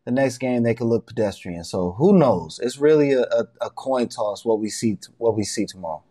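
A man's voice: medium pitch, brisk, warm tone. Laid-back young man bantering about basketball. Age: young adult. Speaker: co-host. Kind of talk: casual sports talk.

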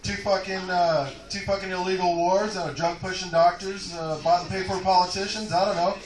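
A man doing a stand-up comedy set in a comedy club, loud, profane and rambling. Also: high voice, fairly even intonation, normal speed, distant mic. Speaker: stand-up comic. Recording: echoey club room, mic from afar.

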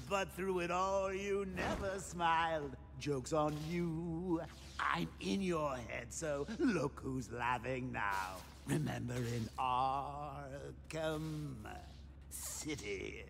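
A man's voice: on the high side, gravelly, a bit bright, big-room sound, a little hiss or hum, exaggerated voice. An actor playing a gleeful, murderous male clown villain in a video game, singing a taunting song and cackling between lines.

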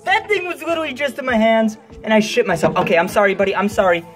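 A woman's voice: on the high side, fast, faint music behind. A woman vlogging at home into a handheld camera, talking casually, swearing freely and calling her viewers dude. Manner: profane and excitable, says dude a lot. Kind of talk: casual vlog commentary.

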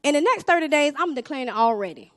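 A young woman preaching a sermon with a Southern US accent, swinging between hushed asides and loud exhortation. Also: high-pitched, lively intonation, fast.

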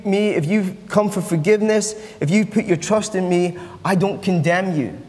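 A man's voice: high-pitched, a little mellow. A man preaching a sermon as pastor, earnest and repeating phrases for emphasis. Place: church. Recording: long church reverb.

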